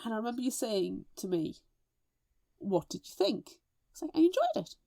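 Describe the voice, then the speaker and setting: A woman's voice: on the high side, very animated, normal speed, vocal fry, dark tone, dry recording, clean studio sound. A woman co-hosting a book podcast, chatty and blunt, laughing often. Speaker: podcast co-host. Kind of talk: casual chat.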